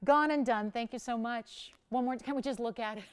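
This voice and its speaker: A woman hosting a live jewelry shopping show, pitching with energy and counting prices down urgently. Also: fairly quick, clear, resonant tone. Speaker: shopping channel host. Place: studio.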